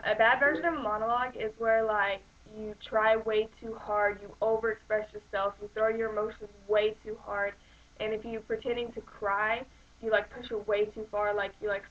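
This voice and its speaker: A woman's voice: medium pitch, flat delivery, normal speed, a bit bright, muffled recording. A woman giving acting tips to camera in a loose, rambling way, with many "like"s and "um"s. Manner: rambling, full of "like" and "um". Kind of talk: casual tutorial talk to camera.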